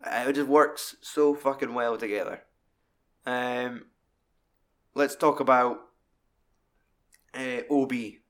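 A man talking casually about a film, swearing freely and acting out quoted lines in loud, high voices. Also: steady tone, takes it slowly, long pauses.

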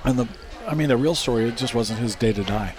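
An American man in an average pitch tells his stories easily, often laughing through them. He stumbles over restarts and fillers in a loose, conversational way. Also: quick pace, crowd noise. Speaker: racing safety expert. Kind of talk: casual interview storytelling.

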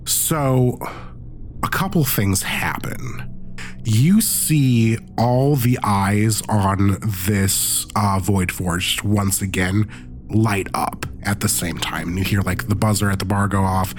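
A man narrating a tabletop game as game master, relaxed and loose with many fillers. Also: on the low side, slow, a little hiss or hum.

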